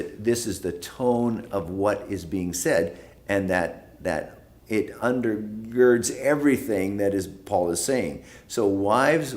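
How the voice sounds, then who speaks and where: Low-voiced pastor guy, slow and emphatic, keeps repeating phrases. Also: darkish tone. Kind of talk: Bible study teaching.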